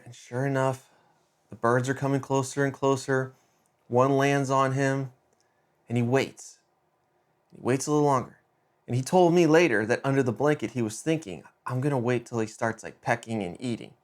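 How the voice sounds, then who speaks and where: A man hosting a motivational podcast, telling a personal story in a lively, anecdotal way. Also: mid-range voice. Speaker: podcast host.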